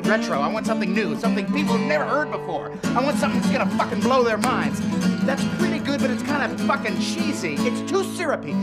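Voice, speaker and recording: An actor playing a brash, bossy young rock musician who swears constantly, barks orders and bursts into shouting and singing, with loud guitar behind him. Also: male voice, sits high. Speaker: band leader. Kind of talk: improvised film comedy.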